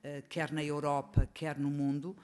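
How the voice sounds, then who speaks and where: Formal man with a flat voice giving a welcome speech. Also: a little high, normal speed, smooth. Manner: formal, with frequent hesitation fillers. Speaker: politician.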